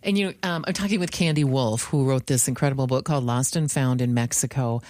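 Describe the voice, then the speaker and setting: Low-voiced empathetic woman host, dry sound. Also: quick pace, no room sound. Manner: warm, empathetic, chatty with many fillers. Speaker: podcast host. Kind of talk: conversational interview.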